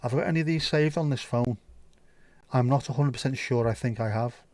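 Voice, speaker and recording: A man's voice: medium pitch, fairly quick, darkish tone, no echo. A man hosting a casual livestream, chatting loosely, reading out viewer comments and joking around with plenty of swearing. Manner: rambling, jokey, swears freely. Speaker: livestream host.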